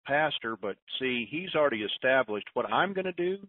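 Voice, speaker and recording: A man's voice: medium pitch, animated, brisk, no echo. A man hosting a conference call, giving folksy advice and often restarting his sentences. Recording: tinny phone line.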